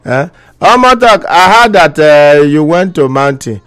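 A man's voice: a little high, animated, unhurried, a bit bright, clear, resonant tone. Laughing Nigerian man, mock preaching. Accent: Nigerian Pidgin. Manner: playful mock preaching, laughs often between lines. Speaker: comic preacher host of a live stream. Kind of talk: live-stream comedy, reading viewer comments.

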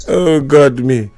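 A man's voice: a little high, vocal fry, a little mellow. A man with a Nigerian accent, teasing in casual chat, laughing often and echoing the other person's words back.

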